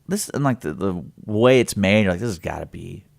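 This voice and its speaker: Very low voiced man, radio host, casual, acts out quotes. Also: brisk, creaky. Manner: animated storyteller, acts out quotes.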